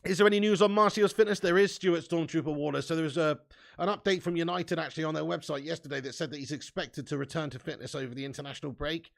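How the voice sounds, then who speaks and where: A man's voice: a little high, steady tone, fast talker, vocal fry. A young man hosting a casual live stream, reading out viewer comments in a chatty, laddish way with frequent laughs and swearing. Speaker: fan channel host reading live chat.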